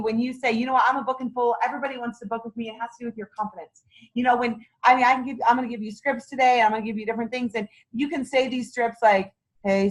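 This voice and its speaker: A middle-aged woman with a fairly high voice leads her sales team's meeting. Her talk is enthusiastic, folksy and chatty, with a motivational drive. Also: poor audio. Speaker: sales director leading a team meeting.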